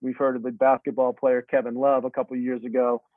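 A man's voice: mid-range voice, level tone, fast talker, dry recording. Earnest man on a tinny phone line. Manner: earnest, reflective, rambling with restarts. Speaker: tennis coach. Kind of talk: interview answer.

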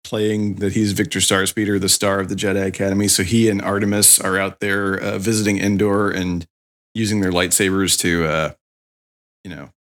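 A man in casual podcast chat who rambles through stories with frequent filler pauses. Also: fairly low pitch. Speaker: podcast co-host.

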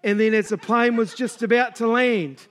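A middle-aged man preaching a sermon, telling a story and acting out the dialogue before building to loud exhortation. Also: very high voice, steady tone, normal speed.

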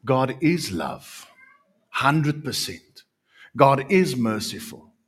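A man, preaching a sermon with emphatic, drawn-out repetitions that swing from quiet to loud. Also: medium pitch, very animated, breathy edge. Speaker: pastor.

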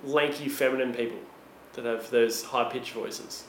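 A man's voice: medium pitch, steady tone, normal speed, echoey room, slight background noise, low-quality recording. A man co-hosting a podcast, trading wisecracks in casual quiz banter. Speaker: podcast co-host.

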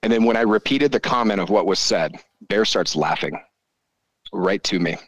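A man, probably in his forties, telling a story in a casual chat, animated and full of swearing. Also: on the low side, moderate pace, no room sound, low-quality recording. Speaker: podcast guest.

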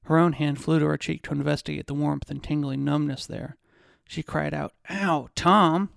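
A podcast host reads a passage from a novel in a measured way, now and then stumbling and restarting a word. His voice is gravelly with heavy fry and sits a little high. The recording is dry and close. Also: little pitch movement, a little mellow, no echo. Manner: measured reading with occasional restarts. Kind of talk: reading a novel excerpt aloud.

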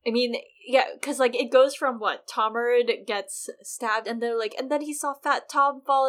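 A woman co-hosting a casual book discussion podcast, expressive and peppering her talk with "like" and "you know". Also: fairly high pitch, measured pace, hardly any pauses. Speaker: podcast co-host.

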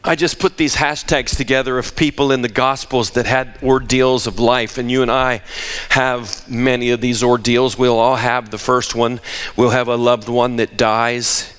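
A man preaching a sermon, asking rhetorical questions and dropping to hushed tones for emphasis. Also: little pitch movement, normal speed, clear, resonant tone. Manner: dramatic, drops to hushed low tones for emphasis; asks the audience rhetorical questions.

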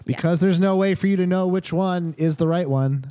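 A man's voice: high voice, normal speed, mellow, clean tone, no room sound. A man narrating a tabletop game as dungeon master, laid-back and casually swearing.

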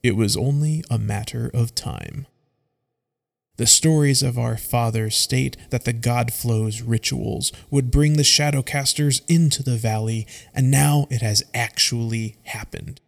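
A stern, commanding beast-like tribal chief from a storybook, voiced by a man, slow and deliberate with a gravelly rasp. The voice carries a long hall reverb. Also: mid-range voice. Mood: determined. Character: stern, compassionate furred male tribal chief.

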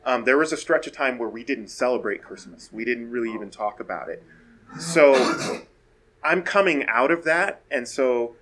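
Man with a mid-pitched voice, relaxed and casual, with lots of ums. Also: moderate pace. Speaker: guest speaker. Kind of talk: casual storytelling.

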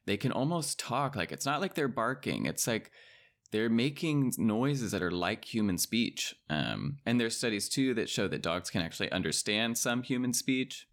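A man's voice: medium pitch, sing-song, moderate pace, fairly bright tone. A man co-hosting a casual conversation podcast, talking in a thoughtful, musing way with many hedges. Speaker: podcast co-host.

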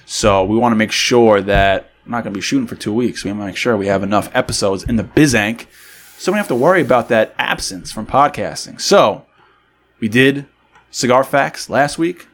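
A man's voice: mid-range voice, animated, moderate pace. A man co-hosting a casual podcast, playful and joking, at times putting on a mock radio announcer voice. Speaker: podcast co-host.

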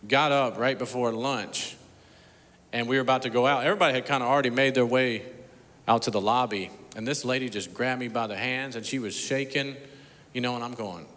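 A man preaching a sermon as pastor, telling a story, dropping to a hush and then rising loud and emphatic. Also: medium pitch, fairly quick. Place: church sanctuary. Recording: long hall reverb.

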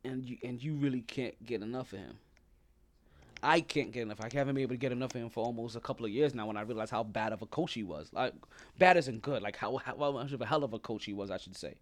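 A man's voice: medium pitch, fast talker. A man hosting a sports podcast, ranting in casual commentary, repeating himself and rattling off stats. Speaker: podcast host.

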